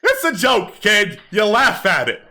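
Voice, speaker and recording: A man's voice: high-pitched, huge pitch swings, unhurried, noisy background, voice pushed up, full character voice. A man voicing a sleazy male kobold comic who tells corny, crude jokes to a crowd. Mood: smarmy. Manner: brash, corny joke-telling to a crowd. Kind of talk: actual-play tabletop game.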